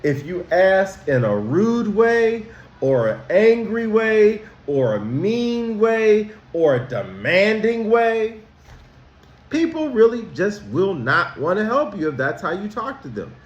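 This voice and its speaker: A man, a school counselor, teaching children about manners in a slow, emphatic way, asking them questions directly. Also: high voice, very animated, reverberant, dull audio.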